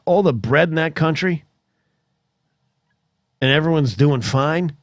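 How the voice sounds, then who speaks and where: An American man hosting a solo podcast, rambling in an animated comedic rant that is full of restarts, swearing and mock voices. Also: on the high side, takes it slowly, no echo, clean studio sound. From United States.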